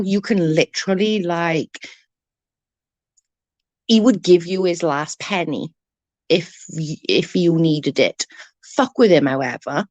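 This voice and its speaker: Woman, lowish voice, giggly, swears a lot, casual chat, dry close sound. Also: no echo, poor audio. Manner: giggly, laughs often, swears freely.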